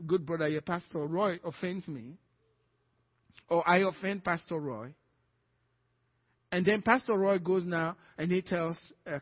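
A male pastor with a Nigerian accent preaching a sermon, animated, acting out little dialogues as he teaches. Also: sits high, breathy edge, big-room sound. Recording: dull lo-fi sermon recording.

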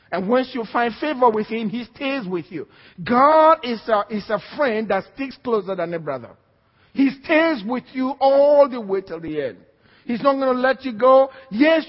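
A man's voice: high-pitched, slightly rough. A man preaching a sermon with emphatic repetition and call-and-response to the congregation. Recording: dull, echoey hall recording.

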